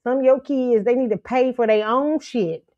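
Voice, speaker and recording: A woman's voice: on the high side, moderate pace, no echo, muffled recording. Sassy, blunt woman host. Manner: blunt, sassy, animated, laughs often. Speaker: show host. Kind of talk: pop culture commentary livestream.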